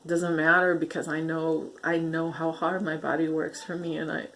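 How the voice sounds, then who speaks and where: A woman talking earnestly to her camera in a personal vlog, halting and soft, getting emotional and laughing gently through it. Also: sits low, level tone. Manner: soft, halting delivery with fillers and repeats. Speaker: vlogger sharing her healing story. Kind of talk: heartfelt personal vlog talk.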